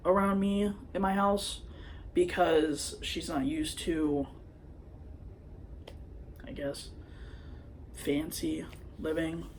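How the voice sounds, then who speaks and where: A man's voice: a little high, a little hiss or hum. Rambling young man on a phone. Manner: rambling, hesitant, full of fillers. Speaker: vlogger. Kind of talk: confessional personal vlog.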